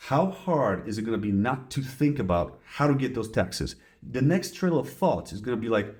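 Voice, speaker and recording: A male therapist talks through a coping exercise in a relaxed, conversational way. He drops into worried inner voices to illustrate anxious thoughts, then comes back to plain explanation. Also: medium pitch, moderate pace, few pauses. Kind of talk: casual teaching talk.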